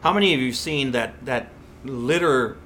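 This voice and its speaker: A man's voice: medium pitch, moderate pace, a bit bright, slight background noise. A man, a fishing columnist, telling stories in a casual podcast chat with emphatic repeated phrases. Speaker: saltwater columnist.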